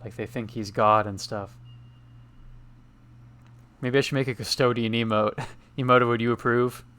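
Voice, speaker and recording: A man's voice: medium pitch, steady tone, moderate pace, a bit bright, smooth. A man live-streaming a game, reading its lines aloud in two languages and translating them in a casual, amused chat.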